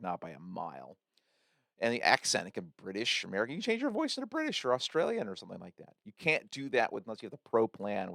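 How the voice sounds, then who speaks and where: A man hosting a podcast, walking through a software tool in a chatty, loose tutorial with many fillers and restarts. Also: on the low side, vocal fry, no echo, studio quality. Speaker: podcast host. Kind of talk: casual tutorial walkthrough.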